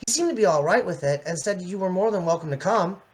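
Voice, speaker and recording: A bashful young man who talks softly and earnestly, as a woman puts him on. The voice sits somewhat low. It is an amateur fan audio drama. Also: expressive, fast talker, close to an everyday voice. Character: Chris, young man, shy and affectionate.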